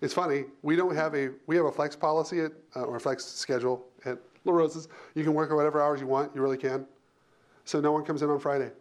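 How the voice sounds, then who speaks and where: A man's voice: on the high side, fairly even intonation, fast. Punchy, emphatic male HR leader. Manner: emphatic, punchy short phrases with repetition. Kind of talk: speaking as guest on a panel.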